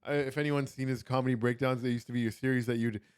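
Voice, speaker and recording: A young man from Canada chats as a comedy guest on a podcast. He tells stories with a joking, playful edge. His voice sits at an ordinary middle pitch. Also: steady tone, quick pace, smooth. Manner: joking, storytelling. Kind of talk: casual chat.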